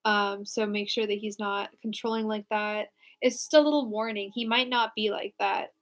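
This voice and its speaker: A woman's voice: mid-range voice, fairly even intonation, moderate pace. A young woman giving casual live tarot readings, answering viewers in a frank, chatty way with lots of fillers and restarts. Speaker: tarot reader.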